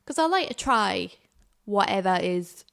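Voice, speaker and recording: A woman's voice: medium pitch, expressive, a little slow, gravelly, a bit bright. Brief: young adult woman, Geordie accent, chatty comic storyteller, casual podcast talk. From Newcastle, England. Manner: chatty, acts out quoted voices. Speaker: comedian guest.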